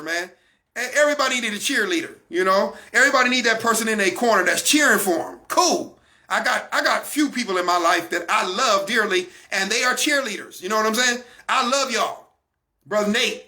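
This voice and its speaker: Man, preachy broadcast talk, high pitch, bright tense tone. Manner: animated, preachy, acts out others in quotes. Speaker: broadcast speaker.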